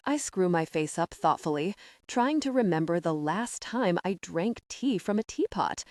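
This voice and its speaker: A woman narrating a comic audiobook in the first person, expressive and self-mocking in a flustered way. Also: fairly low pitch, normal speed, no echo, studio quality.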